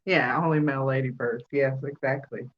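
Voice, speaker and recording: A woman from Alabama with a Southern US accent hosts a casual live podcast chat, answering viewers easily and laughing often. Her voice rumbles low with fairly even intonation at a normal speed, captured in dull lo-fi livestream audio.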